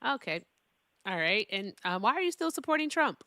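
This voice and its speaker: A woman's voice: fairly high pitch, sing-song, normal speed, pushed and bright. A woman hosting a live call-in debate stream, blunt and profane with callers, chatting casually with viewers between calls.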